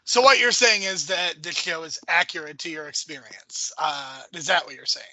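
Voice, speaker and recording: A man co-hosting a podcast, giving measured, analytical opinions in casual chat. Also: on the high side, sharp tone, no room sound, poor audio. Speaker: podcast co-host.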